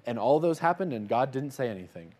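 A man's voice: mid-range voice, big pitch swings, fast, darkish tone. A man telling a Bible story in a casual, conversational way, slipping into little acted-out voices for the characters. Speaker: Bible teacher.

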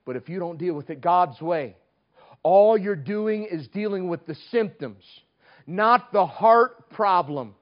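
A man preaching a sermon, swinging between loud emphatic lines and hushed ones. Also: sits high, lively intonation, unhurried, highs cut off.

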